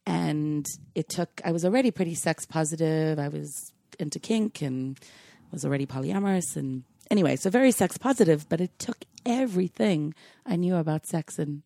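Husky low-voiced South African woman. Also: normal speed, few pauses, dark tone, no echo, studio quality. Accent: South African, blended with British and American. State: slightly hoarse. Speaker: guest, tantra teacher. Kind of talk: casual interview chat.

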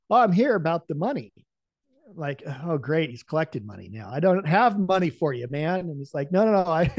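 A man appearing as a podcast guest tells a personal story, animatedly acting out its dialogue and laughing along the way. His voice sits on the high side, recorded with clean studio sound and no echo.

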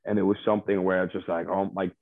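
A man with a fairly low voice talks through a thin, phone-like line that sounds dry and close. He rambles loosely in casual interview chat and leans on filler words as he tells his stories as a reality show guest. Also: level tone, quick pace, vocal fry, dry recording.

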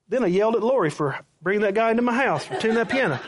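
A man's voice: high voice, rapid-fire, hardly any pauses. A man preaching a sermon, telling a personal story with quoted back-and-forth dialogue. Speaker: pastor.

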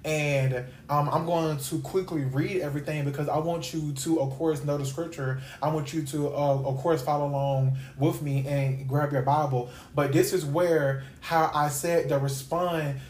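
A man's voice: fairly high pitch, fairly even intonation, moderate pace, hardly any pauses, darkish tone, reverberant, slight background noise. A man giving a sermon-style podcast talk as host and Bible teacher, emphatic and repetitive, piling up lists of questions.

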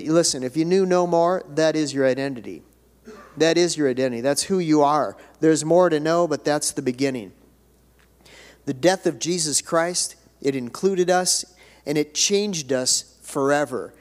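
A man's voice: on the high side, unhurried. An older man preaching a sermon as pastor, folksy and conversational, building to emphatic declarations. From United States. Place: church sanctuary. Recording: reverberant church hall.

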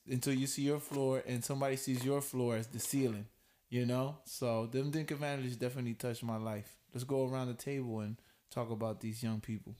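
Male podcast host, casual round-table chat, animated, laughs a lot. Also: medium pitch. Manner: animated, laughs easily, mock voices when quoting.

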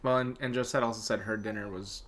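A man co-hosting a casual podcast, chatty and animated, laughing often as he tells stories. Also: lowish voice, fast, over a noisy crowd. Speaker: podcast co-host. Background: dog whining.

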